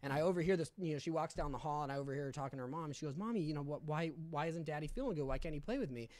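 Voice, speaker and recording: Young guy telling his story, swears a ton, kinda high voice, dry close sound. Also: very fast, darkish tone, dry recording. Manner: candid, swears a lot, frequent fillers. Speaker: podcast guest. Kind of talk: casual storytelling.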